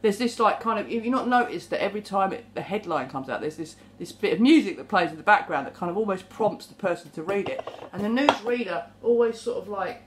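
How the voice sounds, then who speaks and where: A woman's voice: mid-range voice, quick pace, few pauses, a little hiss or hum. Rambling woman vlogging. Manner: rambling, animated, swears at times. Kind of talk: casual rambling monologue.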